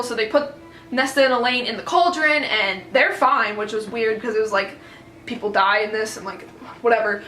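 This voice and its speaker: A woman retelling a book in a casual, excited, rambling way, full of fillers. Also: a little high, brisk, reverberant, a little hiss or hum, poor audio. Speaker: book vlogger.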